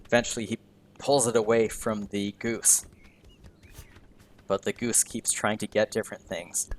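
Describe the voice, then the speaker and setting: A man's voice: lowish voice, little pitch movement, unhurried. A man teaching English by narrating a video game in simple words, often repeating and rephrasing himself as he goes. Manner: repeats and rephrases simple sentences, self-correcting. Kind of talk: slow, simple narration of gameplay for learners.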